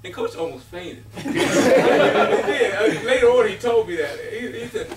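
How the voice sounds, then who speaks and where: Over a noisy crowd, a fifties-aged ex-college basketball player delivers a lively breakfast speech in a high voice at a moderate pace, hardly pausing. He acts out quotes and laughs often, and the sound is roomy, picked up from a distance.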